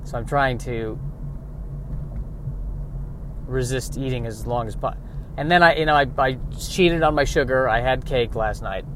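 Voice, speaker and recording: A man's voice: medium pitch, a little slow, pauses often, slight background noise. A man talking in a rambling comic monologue, digressive and self-mocking, often talking to himself. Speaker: vlogger.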